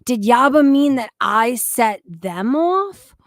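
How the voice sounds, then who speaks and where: A woman's voice: on the high side, lively intonation, slow pace, dry recording, clean studio sound. A woman giving blunt, profane, sarcastic commentary on a live stream as a reaction streamer.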